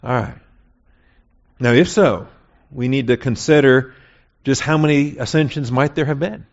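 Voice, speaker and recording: A man's voice: mid-range voice, a little slow, vocal fry. A man teaching a Bible lesson in a conversational way, often checking in with his listeners. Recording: dull lo-fi recording.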